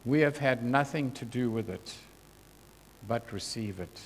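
A man preaching a sermon in a church, earnest and deliberate, his voice dropping soft when he quotes scripture. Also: mid-range voice, slight background noise. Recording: long hall reverb.

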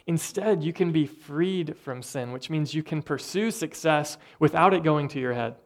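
A man preaching a sermon with earnest, conversational delivery and thoughtful pauses. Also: on the high side. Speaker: pastor.

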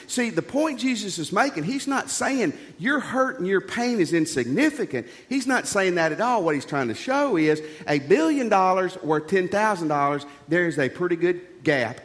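A man preaching a sermon as a pastor, folksy and animated, with jokes and rhetorical questions. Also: sits high. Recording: long reverb of a large hall.

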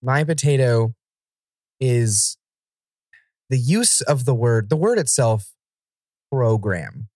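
A man co-hosting a casual podcast chat, animated and swearing freely. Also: medium pitch, slow pace, pauses often, dry recording, studio quality. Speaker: podcast co-host.

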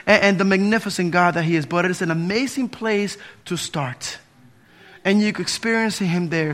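With a high voice, a man in his fifties preaches passionately from the pulpit as pastor, alternating between hushed pleas and loud appeals.

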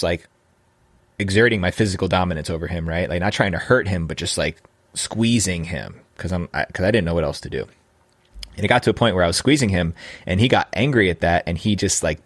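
A man's voice: sits low, dry recording. A man in his thirties, a podcast host, earnestly telling a personal story about fatherhood with frequent restarts.

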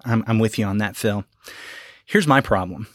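A man's voice: lowish voice, moderate pace, a bit bright, no echo, studio quality. A middle-aged man speaking thoughtfully about his own struggles as a parent in a casual discussion. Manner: thoughtful, self-examining.

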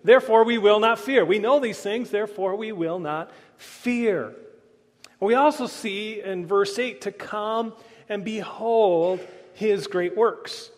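A man preaching a sermon as pastor, earnest, rising loud then dropping to a quiet hush. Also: sits high, slow pace, big-room sound.

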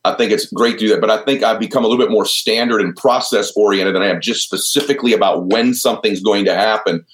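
Deep-voiced earnest man in his fifties. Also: fast talker. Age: 50s. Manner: earnest, emphatic, openly vulnerable. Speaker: guest speaker and entrepreneur. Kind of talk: candid interview conversation.

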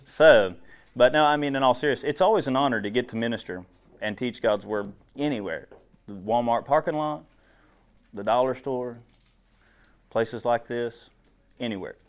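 A man's voice: medium pitch, moderate pace, pauses often. A man preaching casually to a small group in a meeting room, joking and folksy, chatty, recorded on a clip-on wire mic.

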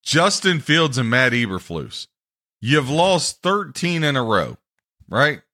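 A man hosting a sports podcast, ranting and mocking teams and players in a loud, heated way. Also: medium pitch, sing-song, slow pace. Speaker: podcast host.

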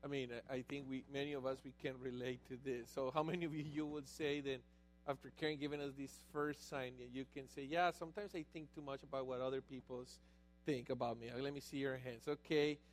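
A man with a Spanish accent interviewing a guest in front of a church audience, asking halting, searching questions. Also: medium pitch, steady tone, slight background noise. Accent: Spanish-accented English. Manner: hesitant questions, warms to the crowd. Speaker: pastor and host interviewing his wife.

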